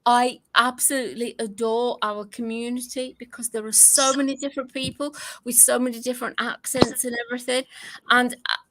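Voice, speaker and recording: A woman with a Northern British accent and a slightly squeaky voice, gushing and restarting often as a panelist on a video call. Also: flat delivery, brisk, fairly bright tone, a little hiss or hum.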